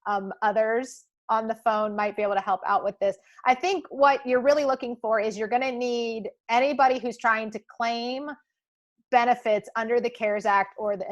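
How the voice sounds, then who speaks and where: A young woman presenting a live webinar, answering questions with frequent ums. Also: a little high.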